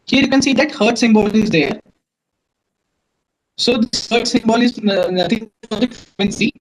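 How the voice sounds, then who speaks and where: A man's voice: high-pitched, moderate pace, rough recording. A man presenting a technical webinar, explaining test instruments step by step with frequent fillers and restarts.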